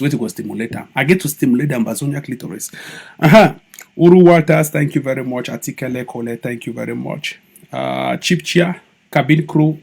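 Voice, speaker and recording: Husky Cameroonian Pidgin-speaking man. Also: mid-range voice. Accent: Cameroonian Pidgin English. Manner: animated, mocking, swings into loud mimicry. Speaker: online activist broadcaster. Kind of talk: live-stream commentary.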